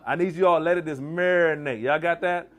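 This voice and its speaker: A man from Maryland giving an animated live cooking demonstration in a church hall, teasing and quizzing his audience. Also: a little high, brisk. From Maryland, US East Coast. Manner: animated, teasing, asks the crowd questions. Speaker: chef giving a cooking demo.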